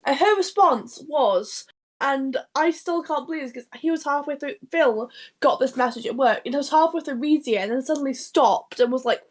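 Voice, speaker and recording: A woman's voice: sits high, normal speed. A woman co-hosting a podcast, telling a rambling anecdote in casual chat, with lots of restarts, laughter and swearing. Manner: swears freely. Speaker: podcast co-host.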